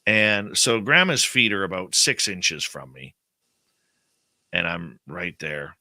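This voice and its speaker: A man's voice: low-pitched, takes it slowly, no echo. A man telling a personal story as a guest in an interview, acting out what was said. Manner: animated personal storytelling, acts out quotes.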